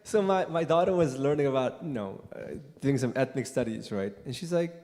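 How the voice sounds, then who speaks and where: A man answering an audience question at a church forum, animated, laughing often and tagging points with "right?". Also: mid-range voice, fairly quick, big-room sound. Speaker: guest speaker, theologian.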